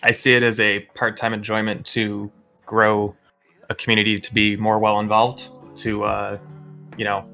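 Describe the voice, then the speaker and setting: A man's voice: lowish voice, completely flat delivery, moderate pace, gravelly, sharp tone, faint music behind. A man guesting on a casual podcast chat, speaking loosely with lots of fillers. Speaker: streamer guest.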